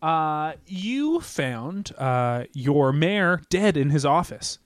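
A man hosting an improv comedy podcast, asking playful deadpan questions. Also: fairly high pitch, very slow, dry recording, studio quality. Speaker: podcast host.

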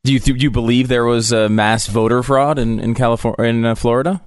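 A man's voice: mid-range voice, steady tone, quick pace, clear, resonant tone, dry recording, clean studio sound. A man co-hosting a radio show, chatting in an easygoing, loose way with small chuckles. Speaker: radio co-host. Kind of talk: casual on-air banter. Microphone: studio microphone.

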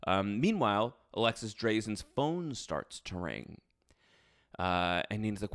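A man's voice: lowish voice, unhurried. A man hosting a podcast, chatting casually through a recap with lots of fillers. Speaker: podcast host.

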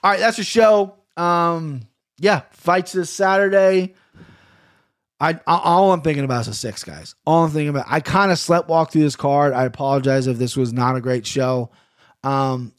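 A man's voice: on the high side, normal speed, no echo, clean studio sound. Laid-back rambling podcast host man. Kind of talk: casual podcast fight picks. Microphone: podcast mic on camera.

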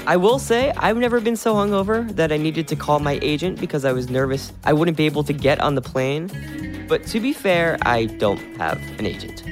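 A man's voice: fairly high pitch, lively intonation, normal speed, over music. A male host giving a scripted introduction with dry, joking asides.

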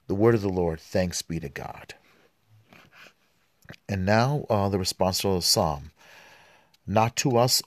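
A man hosting a podcast who reads the Mass prayers and scripture aloud, with relaxed, filler-filled asides between the readings. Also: fairly low pitch, no echo, clean studio sound.

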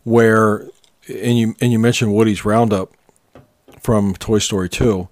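A man's voice: on the low side, fairly even intonation, measured pace, dry recording. A man in his fifties co-hosting a podcast in casual chat, easygoing and thinking aloud. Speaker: podcast co-host.

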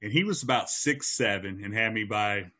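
A teacher recalls an episode from his teaching days in easygoing conversation, vividly acting out what each person said. His voice sits on the low side, and his pace is moderate.

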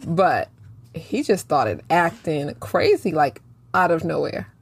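Husky, low-voiced New woman. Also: slow. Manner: relaxed, chiming in with questions and short agreements. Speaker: podcast co-host. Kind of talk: casual chat.

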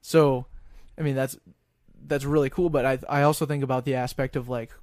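A man's voice: mid-range voice, little pitch movement, darkish tone, no room sound, studio quality. Rambling man hosting a podcast. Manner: rambling, halting questions with many restarts. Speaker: podcast host. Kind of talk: casual chat.

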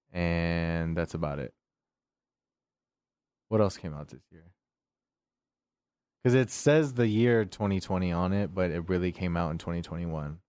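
A man's voice: low-pitched, darkish tone, clear, resonant tone, no echo, clean studio sound. A man in his forties, a podcast co-host, rambling loosely and swearing in casual chat.

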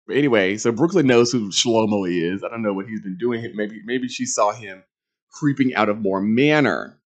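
A young adult man hosting a reality TV recap, talking in a sassy, campy, animated way with big swings in pitch. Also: normal speed. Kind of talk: casual recap monologue.

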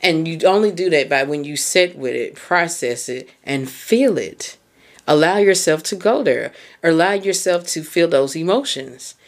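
A woman's voice: low-pitched, expressive, normal speed. A woman hosts her own podcast, talking straight to the listener in a casual monologue. She is candid and conversational, swears lightly and laughs often as she goes. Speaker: podcast host and mindset coach.

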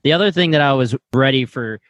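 A man's voice: mid-range voice, fast talker, fairly bright tone. A man co-hosting a casual podcast, laid-back, using casual slang. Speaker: podcast co-host. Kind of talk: casual chat.

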